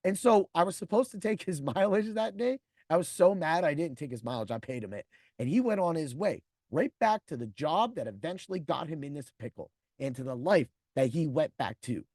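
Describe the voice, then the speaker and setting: A man's voice: a little high, expressive, a little fast, darkish tone, no echo, clean studio sound. A man in his forties hosting a podcast, telling a personal story in a blunt, profane way and acting out other people's lines. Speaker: podcast host.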